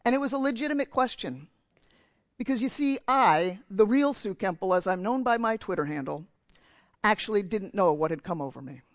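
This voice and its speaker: A man's voice: high voice, animated, brisk, no echo. A man from New Jersey giving a sermon in church, telling a candid, self-mocking story about himself. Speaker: preacher.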